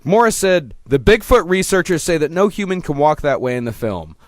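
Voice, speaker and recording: A man hosting a casual podcast, working through his notes with stumbles and restarts. His voice sits a little high and sounds dry and close. He keeps the chat loose. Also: big pitch swings, dry recording. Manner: halting, stumbles over words while reading. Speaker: podcast host.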